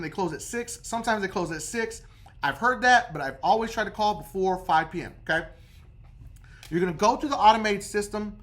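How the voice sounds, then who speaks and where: A man's voice: high-pitched, a bit bright. A man hosting a casual how-to talk on credit repair, who checks in with "okay?" after nearly every point.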